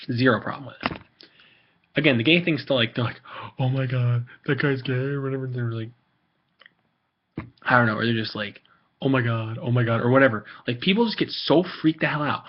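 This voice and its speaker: A man's voice: medium pitch, husky, muffled recording. A teenage boy ranting casually on a vlog, rambling with lots of fillers, restarts and swearing. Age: teens. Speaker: video maker.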